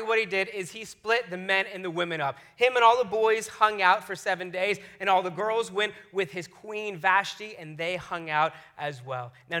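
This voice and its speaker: A man in his thirties preaching a casual, enthusiastic sermon as a pastor. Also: high-pitched. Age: 30s. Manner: energetic, enthusiastic storytelling.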